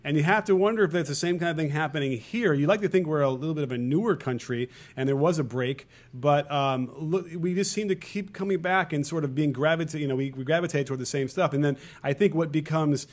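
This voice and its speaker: A man's voice: a little high, fast talker, hardly any pauses. A man co-hosting a political podcast, talking loosely and wryly as he thinks aloud. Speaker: podcast co-host.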